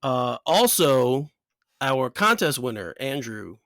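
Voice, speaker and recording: A man's voice: mid-range voice, sing-song, takes it slowly, a bit bright, no room sound, studio quality. A man co-hosting a casual podcast, laid-back and rambling, laughing often. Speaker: podcast co-host.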